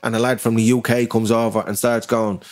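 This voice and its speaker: Working-class Dublin man, animated and sweary. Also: medium pitch, brisk. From Ireland. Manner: animated, swears freely, slips into impressions of others. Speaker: guest rapper. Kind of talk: casual podcast chat.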